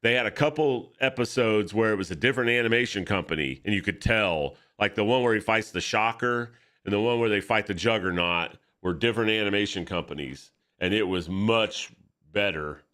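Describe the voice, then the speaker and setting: A man chatting casually while drawing at his art desk, excitable, profane and rambling. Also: on the low side, a little fast. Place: home art desk with camera setup.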